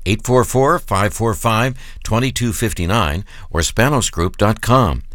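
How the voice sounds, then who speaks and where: A man reading scripted sponsor announcements for a radio program in a measured way. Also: on the low side, fairly bright tone, no echo, studio quality. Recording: radio spot with music bed.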